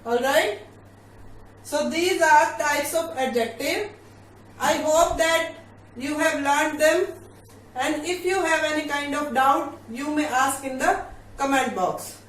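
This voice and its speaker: Slow high-voiced woman teaching. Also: fairly bright tone. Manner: slow, deliberate, repeats key points, asks "all right?". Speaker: English grammar teacher. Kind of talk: grammar lesson. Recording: echoey room from a distance, faint ambient noise.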